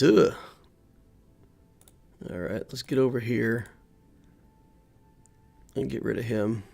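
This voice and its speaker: A man's voice: medium pitch, creaky. A man streaming a video game, commenting live and thinking aloud as he plays, often muttering to himself.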